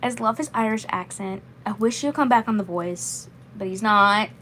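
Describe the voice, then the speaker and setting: A woman's voice: medium pitch, moderate pace, fairly bright tone, slight background noise, low-quality recording. Rambling woman in her twenties. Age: 20s. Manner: rambling, repeats herself. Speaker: vlogger. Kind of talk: casual livestream chat.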